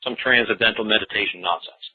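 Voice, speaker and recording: A man's voice: fairly low pitch, fast, husky. A man hosting a talk show, explaining things in a blunt, folksy, rambling way. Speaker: show host. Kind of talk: call-in talk monologue. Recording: tinny phone-line sound.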